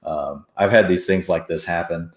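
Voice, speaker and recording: Deep-voiced man, chatty and echoey. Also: moderate pace. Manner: animated, chuckles often, restarts sentences. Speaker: podcast co-host. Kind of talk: casual fantasy football chat.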